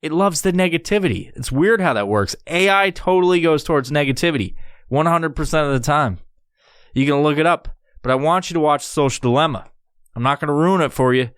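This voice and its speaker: A man hosting a solo podcast, rambling through a story with constant swearing and lively mimicry. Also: a little high, brisk, smooth, no echo, clean studio sound. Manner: profane, rambling, animated storytelling. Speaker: podcast host.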